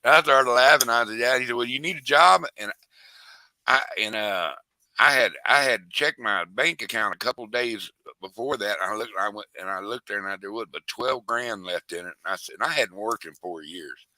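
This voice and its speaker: A man's voice: lowish voice, moderate pace, pushed and bright, no echo. An older man telling rambling, folksy, profane stories in a casual interview. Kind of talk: casual storytelling.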